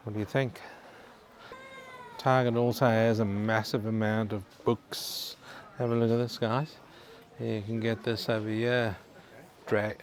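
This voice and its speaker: A man's voice: on the low side, a little hiss or hum. Chatty Australian man touring a store. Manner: chatty, addresses viewers, reads out prices. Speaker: vlogger. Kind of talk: casual walking store tour. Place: indoor department store in a shopping centre.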